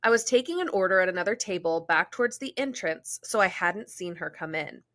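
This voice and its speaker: A woman's voice: on the low side, fairly quick. A woman podcast host reading a listener's story aloud, breaking off to joke and laugh in casual asides. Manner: animated, laughs and jokes between read passages.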